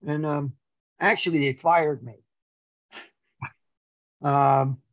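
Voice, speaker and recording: An older man with a fairly high voice tells his life story on a video call, bringing each scene to life by acting out the dialogue. His delivery is animated, full of stammered repeats, and his voice sounds close and dry. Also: takes it slowly, no echo, dull audio. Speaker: guest. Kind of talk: casual storytelling.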